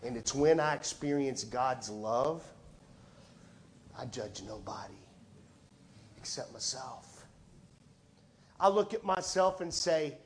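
A male pastor delivering a sermon in an emphatic, conversational way, swinging between loud lines and hushed ones. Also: a little high, lively intonation, unhurried, long pauses.

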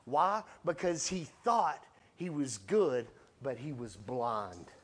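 A man preaching a sermon with animated storytelling, acting out the voices in the story. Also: medium pitch, slow pace.

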